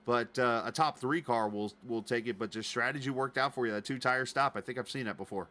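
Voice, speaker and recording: A man hosting a sim racing broadcast, interviewing the winner in a chatty, halting way with easy jokes. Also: medium pitch, sharp tone. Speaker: broadcast host.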